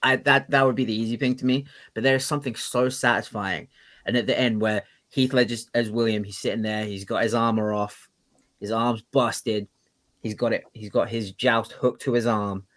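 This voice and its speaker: A man's voice: fairly low pitch, steady tone, normal speed, fairly bright tone. Enthusiastic London-accented man gushing. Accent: London English. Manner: enthusiastic, gushing, quotes film lines in character. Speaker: podcast co-host. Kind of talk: casual chat.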